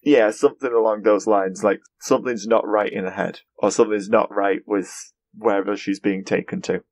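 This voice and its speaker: A man hosting a casual podcast, chatty and quick to laugh as he talks through an episode. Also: on the low side, fairly even intonation, a little mellow, no echo. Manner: chatty, laughs often, mimics characters in quick asides. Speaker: podcast host.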